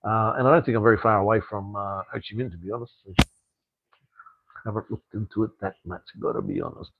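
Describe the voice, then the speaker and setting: A blunt Australian man rambles through a casual live stream, tossing "mate" around and swearing freely. His voice has a gravelly edge and sounds dry and a little dull, as if recorded close with no room around it. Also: lowish voice, no echo. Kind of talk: casual live stream chat answering viewer comments.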